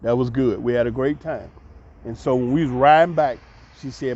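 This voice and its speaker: A man telling a long personal story as a vlogger, animated and acting out the voices of the people in it. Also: medium pitch, moderate pace. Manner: animated, acts out voices, laughs mid-story. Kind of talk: storytelling monologue. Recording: dull lo-fi recording.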